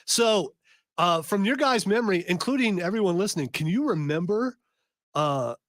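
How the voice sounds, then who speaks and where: A man hosting a live talk radio show, reading news out loud and joking, stumbling over long names. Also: high voice, expressive, normal speed, dry recording, studio quality. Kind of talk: casual live radio chat.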